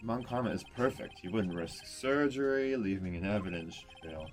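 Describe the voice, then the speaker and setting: An earnest young defense lawyer pressing his point, as a man plays him. His voice is low, and loud music runs underneath. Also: animated, moderate pace, natural voice. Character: young male defense attorney, determined. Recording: voice over loud background music.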